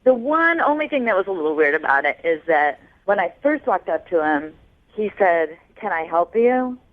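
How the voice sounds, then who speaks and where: A woman calls in to a radio show to tell a dating story on air, sounding chatty and a little sassy. Her fairly low voice has lively intonation at a normal speed, coming through a tinny phone line.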